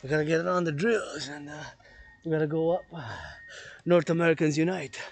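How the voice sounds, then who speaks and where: A man's voice: on the high side, steady tone, fairly quick. A man vlogging outdoors on a forested mountain trail, rambling and repeating words and phrases over and over. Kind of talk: rambling vlog monologue.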